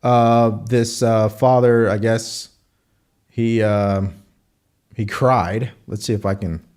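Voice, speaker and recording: A man's voice: fairly low pitch, fairly even intonation, slow pace, darkish tone, smooth. A man hosting a live political commentary show, arguing his points with repeated rhetorical questions.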